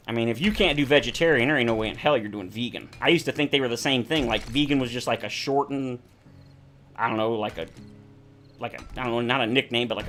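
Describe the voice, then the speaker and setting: A man's voice: medium pitch, a bit bright, slight background noise. A man streaming a survival game, chatting casually in rambling, self-correcting tangents. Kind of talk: casual chat while playing a survival game.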